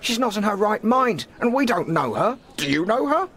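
A man's voice: high-pitched, very animated, normal speed, fairly bright tone, breathy edge, exaggerated voice. A man voicing a talkative, suspicious hotel desk clerk in a dubbed drama. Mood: wary. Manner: chatty, incredulous.

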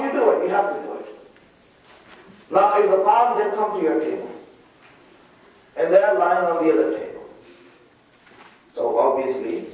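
A man's voice: sits high, darkish tone. A man preaching a sermon to his listeners, repeating key lines and asking them rhetorical questions. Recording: echoey, distant, dull lo-fi hall recording.

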